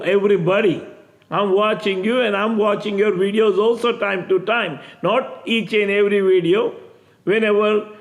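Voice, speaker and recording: Man in his 60s, high-pitched, slow and emphatic, repeats himself, preaching to camera. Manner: emphatic and repetitive, with halting restarts. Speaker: self-proclaimed messiah addressing viewers.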